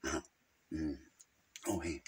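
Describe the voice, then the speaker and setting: A man's voice: extremely low pitch, measured pace, breathy edge, full character voice. A man playing a rambling, gossipy male Jehovah's Witness who halts, hums and giggles at his own crude jokes in an improvised comedy monologue.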